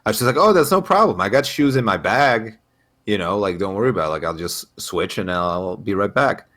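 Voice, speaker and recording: A man's voice: sits low, fairly quick, a bit bright. A man co-hosting a casual podcast, telling stories with lots of fillers and frequent laughs. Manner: storytelling, laughs often, many fillers. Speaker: podcast co-host. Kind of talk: casual chat.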